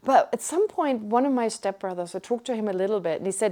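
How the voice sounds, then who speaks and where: A middle-aged woman from Germany, giving a Buddhist teaching and telling a personal story in an animated way with frequent restarts. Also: mid-range voice, fast, few pauses. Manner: animated, restarts often, acts out her own shock.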